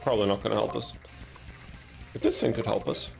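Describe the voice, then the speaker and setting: A man's voice: fairly low pitch, brisk, creaky, over music. A young man from Austria chatting casually while streaming a card game, laughing at himself and yelping at his mistakes. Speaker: gaming streamer. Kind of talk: casual gameplay commentary with chat.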